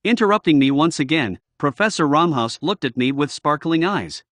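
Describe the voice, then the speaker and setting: Male narrator, first-person novel reading, steady delivery, fairly high pitch. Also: normal speed, dry recording, clean studio sound. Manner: steady reading with occasional slips. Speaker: audiobook narrator.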